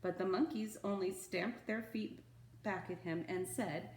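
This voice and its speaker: A woman reading a picture book aloud to children, expressive with dramatic pauses. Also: medium pitch, roomy sound, a little hiss or hum. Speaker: children's story reader.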